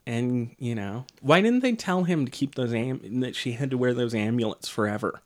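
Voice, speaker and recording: A man's voice: mid-range voice, expressive, normal speed. A man co-hosting a casual podcast chat about a movie, talking in a wry, rambling way. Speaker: podcast co-host.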